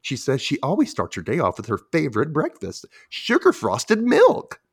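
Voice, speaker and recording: A man recaps a cartoon in relaxed podcast chat, laughing often and acting out bits. His pitch swings widely, sitting at a middle height overall. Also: fast talker, vocal fry, breathy edge, no room sound, studio quality. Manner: animated retelling, frequent laughter, acts out quotes.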